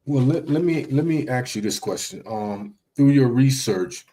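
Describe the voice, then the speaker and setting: A man hosting a casual discussion, reading from his notes and often pausing with ums and restarts. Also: medium pitch, expressive, dark tone. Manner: hesitant, many ums and restarts.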